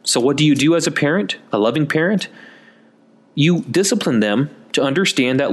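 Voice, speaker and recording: A man's voice: on the high side, lively intonation, moderate pace, breathy edge. A man giving a conversational Catholic Advent sermon in a folksy, chatty way, calling listeners folks. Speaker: Catholic preacher.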